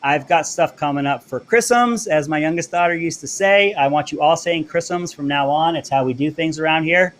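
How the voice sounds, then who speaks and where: A man hosting a live political commentary stream, brash and fast-talking, pushing his merch between topics. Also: on the high side, fairly even intonation, a bit bright, a little hiss or hum. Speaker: show host. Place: Florida.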